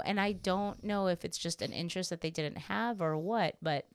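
Her voice leans low, a bit bright, clear and resonant, moving at a moderate pace with few pauses, and no room sound is audible. She's a young woman co-hosting a podcast, chatting casually and ramblingly, swearing freely and laughing often.

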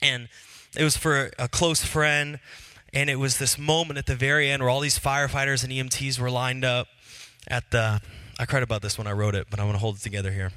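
A man's voice: medium pitch, flat delivery, a little fast, bright, forceful tone, dry recording. A married Christian man talking casually and earnestly about what moves him, with many fillers and restarts. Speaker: Christian speaker. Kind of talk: casual personal talk.

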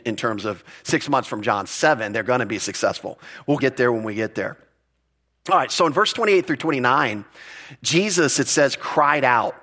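A man's voice: medium pitch, fairly bright tone. A man teaching through a Bible passage in a conversational way, often repeating words and putting questions to his listeners. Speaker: pastor.

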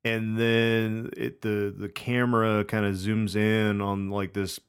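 Low-voiced male co-host, laid-back, meandering storyteller. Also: little pitch movement, clean tone. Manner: slow, meandering storyteller with fillers. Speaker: podcast co-host. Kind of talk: casual storytelling chat.

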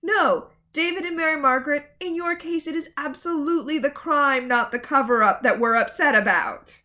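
A woman co-hosting a show recap in casual chat, with sarcastic, animated asides. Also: sits high, normal speed. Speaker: podcast co-host.

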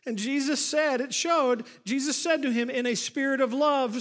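A man's voice: very high voice, normal speed, hardly any pauses. A man preaching a sermon as pastor, retelling a Bible story and acting out the lines of the people in it. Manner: animated storytelling, acts out the scripture scenes. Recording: long hall reverb.

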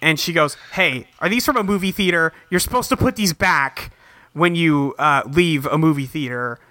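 A man co-hosting a casual podcast chat, recapping a cartoon and acting out the characters' lines in quick put-on voices, swearing freely. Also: fairly high pitch, bright, forceful tone, dry recording. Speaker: podcast co-host.

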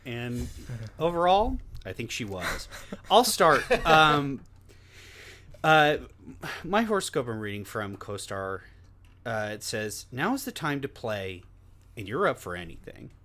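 A man's voice: medium pitch, very animated, a little slow, sharp tone, slight background noise. A man hosting a casual podcast, talking in a laid-back, wry way and often trailing off mid-sentence. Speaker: podcast host.

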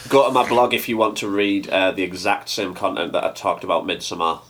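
A man's voice: low voice, fairly quick, a bit bright, slight background noise. A man co-hosting a podcast in casual chat, rambling and correcting himself. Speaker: podcast co-host and blogger.

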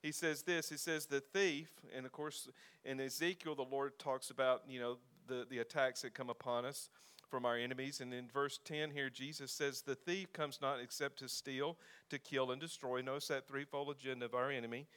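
A male pastor preaching a sermon in a relaxed, conversational way, reading scripture aloud between remarks. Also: mid-range voice, normal speed, smooth.

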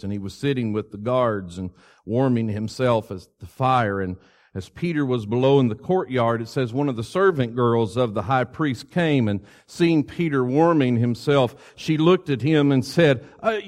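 A man's voice: medium pitch, darkish tone. Man preaching a conversational sermon. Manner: storytelling, retelling scripture in a conversational tone.

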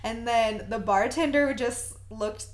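A woman's voice: a little high, takes it slowly. A woman co-hosting a podcast in casual chat, gushing and laughing often. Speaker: podcast co-host.

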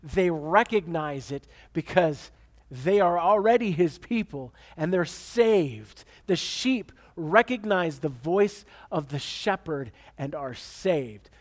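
A man's voice: animated, slow. A man preaching a sermon, reading scripture aloud and pressing his points with emphatic repetition. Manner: emphatic preaching with repeated words and sudden pitch swings. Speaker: pastor.

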